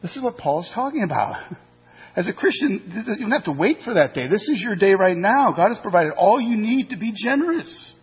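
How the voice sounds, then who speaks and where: A man preaching from the pulpit, slightly higher-pitched than most, with a husky edge. He's animated, throws rhetorical questions at the congregation and acts out little asides. The recording is dull and muffled, with long reverb from the church hall. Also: a little fast. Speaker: pastor. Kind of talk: sermon. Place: church sanctuary.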